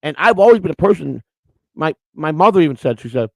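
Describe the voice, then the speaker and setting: A man's voice: a little high, animated, quick pace, gravelly, darkish tone, no room sound. A man hosting a live-streamed show, talking in a rambling, emotional way, repeating words and getting choked up. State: emotional, near tears. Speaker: show host.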